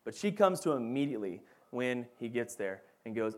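A man teaching a Bible lesson in a casual, animated way, often checking in with his listeners. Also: mid-range voice, brisk. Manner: animated, acts out quoted voices, frequent "right?" and "okay?".

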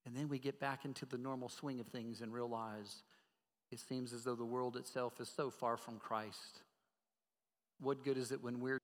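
A man's voice: medium pitch, flat delivery, normal speed, in a large hall. A man preaching a sermon as pastor, earnestly asking the congregation direct questions.

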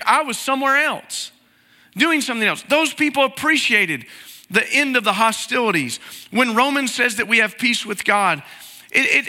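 A man's voice: very high-pitched, sharp tone. A middle-aged man preaching a conversational sermon from a church sanctuary, asking the congregation to repeat after him. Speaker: pastor. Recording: hall reverb.

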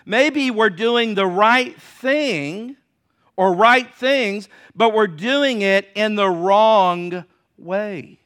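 A male pastor with a high, bright voice gives a sermon. He talks to the congregation like a conversation, asks them questions and repeats phrases for emphasis. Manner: conversational preaching with rhetorical questions and emphatic repetition.

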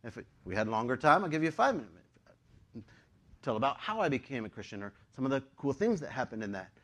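A man preaching a sermon to his congregation in a conversational, animated way, with frequent fillers. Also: mid-range voice, fast talker. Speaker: pastor.

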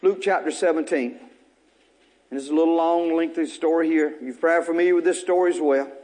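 A man's voice: on the high side, fairly quick, darkish tone. A male pastor preaching a sermon, calling out questions to the congregation and repeating short phrases, with folksy joking asides.

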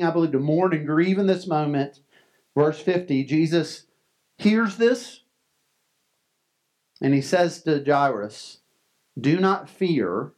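Man preaching a sermon, earnest and chatty, kinda high voice. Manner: earnest, conversational, frequent restarts and soft laughs. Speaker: pastor.

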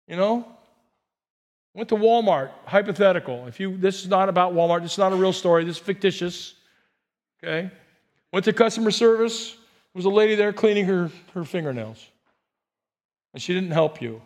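High-voiced animated preacher man. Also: moderate pace. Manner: animated preaching, voices people in quotes, rises to near-shouts. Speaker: pastor. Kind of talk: sermon.

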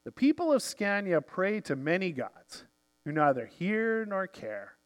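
Man voicing simple-hearted devout Viking, lilt, slightly high voice, earnest, soft trailing endings. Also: big pitch swings, a little slow.

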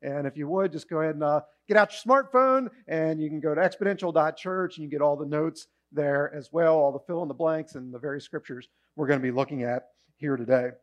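Animated high-voiced male pastor. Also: a little fast, hardly any pauses, lo-fi sound. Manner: animated, acts out voices in quotes. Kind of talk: sermon. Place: church auditorium, also streamed online.

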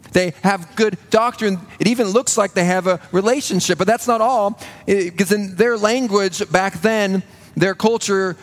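A man preaching a sermon in a church, earnest and building to a hushed intensity on key points. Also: high-pitched. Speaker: pastor.

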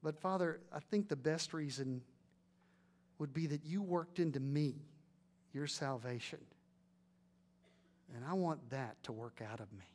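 A man's voice: fairly high pitch, a little slow, long pauses, darkish tone. A man preaching a sermon with emphatic delivery and many rhetorical questions, then leading a prayer.

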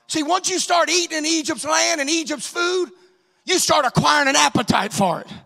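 A man preaching a sermon, swinging from shouted, sung-out lines to quiet asides. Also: extremely high pitch, creaky. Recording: reverberant hall sound.

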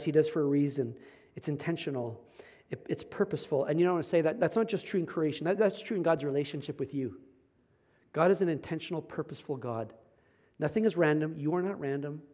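A man's voice: fairly high pitch, a little mellow. A male pastor preaching a sermon in a conversational, emphatic way, with self-deprecating asides.

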